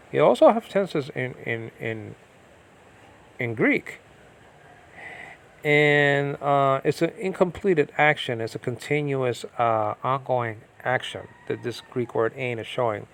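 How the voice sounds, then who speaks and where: A man's voice: mid-range voice, slight background noise. A man teaching biblical Greek in an informal, rambling way, with many fillers and restarts, often asking if listeners follow.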